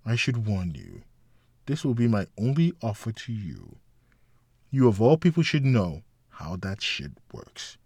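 A man's voice: fairly low pitch, wildly swooping pitch, measured pace, vocal fry, darkish tone, slightly rough, no room sound, exaggerated voice. A man playing a stern, caring friend. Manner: firm, urgent, patient pleading.

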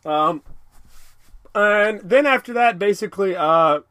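Casual male co-host, higher-pitched, dry close mic, rambling and giggly. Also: animated, slow pace, pushed and bright, no echo. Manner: rambling, laughs often, quotes characters in silly voices. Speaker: podcast co-host. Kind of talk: casual chat recapping a cartoon episode.

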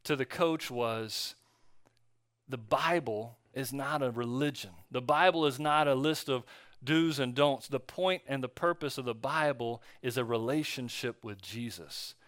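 A male pastor preaching a conversational sermon, telling a story in a relaxed way with fillers and restarts. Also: mid-range voice, measured pace, dry recording, studio quality. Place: church.

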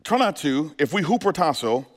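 Preaching at a moderate pace, this male pastor has a slightly high, very animated voice. He throws call-and-response questions at the congregation, asking if they're ready, and the church sanctuary adds hall reverb.

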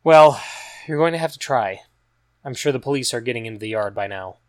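A man voicing a caring, determined woman in a storybook reading who asks gentle questions and sometimes speaks in a hush. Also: mid-range voice, expressive, fairly quick, dry recording, close to an everyday voice. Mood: urging. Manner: gentle questioning, hushed at times.

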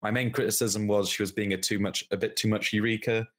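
Low-voiced man in casual chat. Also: steady tone, fairly bright tone. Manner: chatty, laughs while talking, quick asides.

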